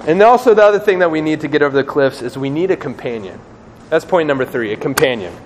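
A man preaching a sermon in a lively, casual way, acting out quoted voices with slang. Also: on the high side, quick pace, noisy background. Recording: long hall reverb, faint ambience.

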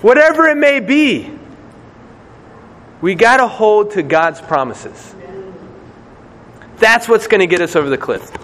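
A man preaching a sermon in a lively, casual way, acting out quoted voices with slang. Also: high voice, a little slow, pauses often, slight background noise. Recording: long hall reverb, faint ambience.

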